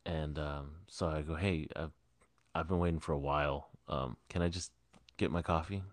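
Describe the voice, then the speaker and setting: A man co-hosting a podcast, telling a story in a casual, profane, animated way and acting out the people in it. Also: rumbling low, moderate pace, dry recording. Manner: profane, animated retelling with quoted voices. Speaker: podcast co-host. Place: podcast studio.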